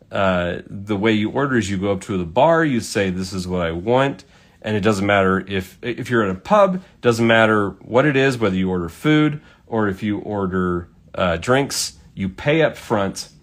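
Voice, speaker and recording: Man, painter chatting while he works, rambling, swears, lots of fillers. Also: fairly low pitch. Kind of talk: casual storytelling while painting.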